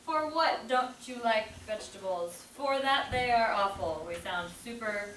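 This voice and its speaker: A woman's voice: fairly high pitch, animated, fairly bright tone, a little hiss or hum. Woman teaching, questioning her class. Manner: upbeat, asks the class many quick questions. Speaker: Spanish teacher. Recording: echoey classroom from a distance.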